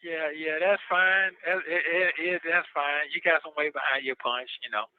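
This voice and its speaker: A man's voice: fairly high pitch, steady tone, normal speed, no echo. A man on a recorded phone call, talking in a slangy, flirtatious way.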